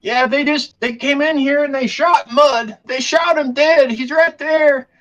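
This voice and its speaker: A man's voice: extremely high pitch, wildly swooping pitch, normal speed, pushed and bright, far from the mic, dull audio, pitched above the performer's own voice, exaggerated voice. A man voicing a panicked, frightened merchant who stammers and begs for his life. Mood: pleading. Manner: pleading, stammering, desperate.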